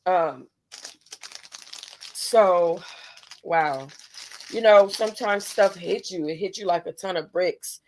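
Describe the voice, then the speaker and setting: A woman's voice: mid-range voice, moderate pace, hardly any pauses, a little mellow, slight background noise. A woman hosting a talk podcast, speaking in an emotional, impassioned way in casual commentary. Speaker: podcast host.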